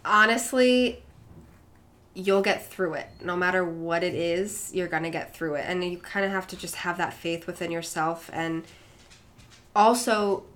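Guest: young woman, lowish voice, candid and rambling, filler-heavy, faint room ambience. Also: measured pace, fairly bright tone, a little hiss or hum. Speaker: podcast guest. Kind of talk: candid personal conversation.

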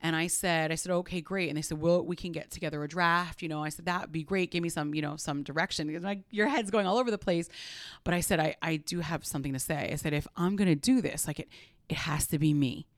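A woman, animatedly telling a personal story as an interview guest, quick to laugh. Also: low-pitched, dry recording, studio quality.

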